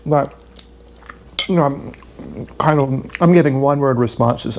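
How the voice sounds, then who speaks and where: A man's voice: mid-range voice, unhurried, gravelly, pauses often, a little mellow. A man telling a long, candid, swearing story about his day in a rambling vlog. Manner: swearing, candid, self-deprecating, repeats himself. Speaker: vlogger.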